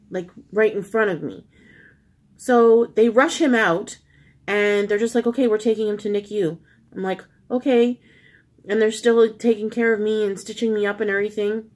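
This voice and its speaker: This is a middle-aged woman from Canada hosting her own channel, speaking in a mid-range voice. She confides a hard personal memory to her viewers, emotional and close to tears, addressing them warmly as friends. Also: medium pitch. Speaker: vlog host. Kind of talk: casual storytelling to viewers.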